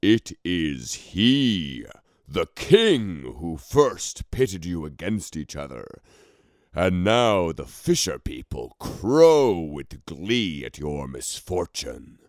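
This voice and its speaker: A hulking warlord rumbles his promises in a deep, slow voice, as a man acts him out. The sound is dry and close. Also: big pitch swings, darkish tone, no room sound, heavily acted. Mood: menacing. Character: hulking brutish male warlord of the north.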